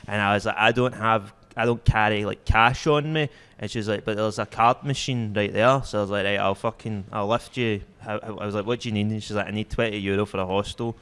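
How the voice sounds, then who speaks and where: A man with a Glaswegian accent, telling a story in a laid-back, deadpan way and laughing through it. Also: fairly low pitch, fast, few pauses, clean tone, big-room sound. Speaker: comedian guest. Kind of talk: casual storytelling.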